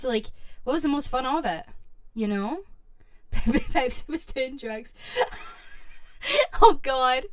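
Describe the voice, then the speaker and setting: High, lively young woman streamer. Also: clear, resonant tone. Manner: excitable, reacts loudly and chats with viewers. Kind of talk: casual livestream chat, reading stories aloud.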